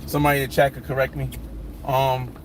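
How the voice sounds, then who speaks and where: A man's voice: medium pitch, little pitch movement, quick pace. Rambling man chatting over street noise. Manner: rambling, many restarts and fillers. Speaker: vlogger hosting a live chat. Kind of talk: casual livestream chat.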